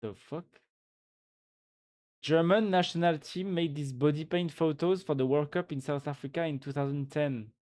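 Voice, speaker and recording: A man's voice: a little high, normal speed, darkish tone. Young guy on stream reading memes off screen, laughy, swears a lot, desk mic at home. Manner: reads memes aloud and comments with laughs and swearing. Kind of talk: casual live-stream reaction chat.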